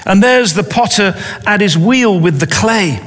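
A man with a high voice preaching a sermon at an unhurried pace. He speaks deliberately and repeats key phrases for emphasis. His voice carries a long reverb, as in a large hall. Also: expressive, fairly bright tone.

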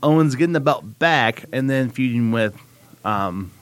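A man's voice: mid-range voice, animated, measured pace, no room sound. A man co-hosting a podcast, laying out his predictions at length in casual chat. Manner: speculative, talks things through at length. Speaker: podcast co-host.

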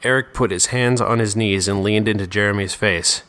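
Bright-voiced male narrator. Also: fairly low pitch, moderate pace, clear, resonant tone. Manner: expressive, steady storytelling. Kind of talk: audiobook serial narration.

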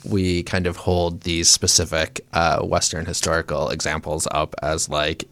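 Low-voiced man trailing off softly. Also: level tone, normal speed. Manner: laughing, trails off softly when serious. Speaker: guest. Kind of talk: casual radio chat.

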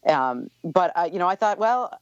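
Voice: mid-range voice, animated, moderate pace, clean tone, no room sound. Chatty interview guest, author type, lots of "you know" asides; muffled, dead-dry recording. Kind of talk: casual interview chat.

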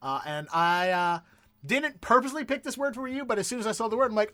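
Casting note: male podcast host, Baltimore accent, bright, high voice, laughy and chatty. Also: expressive, fast talker. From Baltimore area, US. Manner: laughs often, lots of filler "uh"s. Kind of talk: casual chat.

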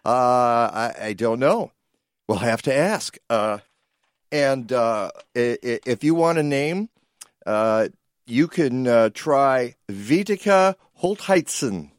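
A man's voice: medium pitch, lively intonation, slow pace, no echo, clean studio sound. A man co-hosting a radio talk show, chatting casually and rambling with many fillers and jokes. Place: radio studio.

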